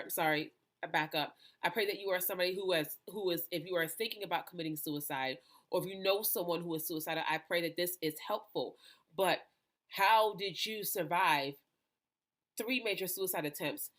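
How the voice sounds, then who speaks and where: Woman minister hosting her own talk, lower voice, emphatic, preachy delivery with restarts. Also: a bit bright. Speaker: minister and host. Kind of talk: impassioned personal talk to camera.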